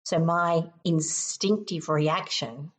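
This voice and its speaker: A woman hosting a self-help podcast, explaining steps in a calm, instructive way. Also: sits low, takes it slowly. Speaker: podcast host.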